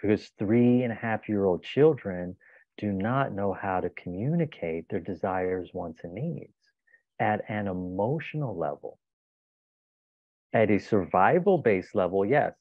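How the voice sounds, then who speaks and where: A man speaking emphatically in a lowish voice, giving a motivational self-help talk full of stories. The audio is tinny and phone-like, with no room echo. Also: expressive, a little slow. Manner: emphatic, storytelling with acted-out quotes. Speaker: guest. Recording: tinny phone-like dry sound.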